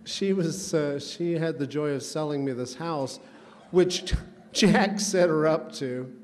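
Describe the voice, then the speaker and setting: Speaking slowly in a voice on the high side, a man delivers rambling, folksy comic stories as a roaster at a charity roast, needling the guest of honor. The sound has a long hall reverb with faint room noise.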